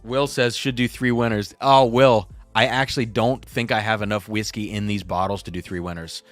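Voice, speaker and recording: A man's voice: on the low side, steady tone, moderate pace, fairly bright tone, no room sound, soft background music. A young man hosting a casual live stream, chatty and reading viewer comments aloud. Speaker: livestream host.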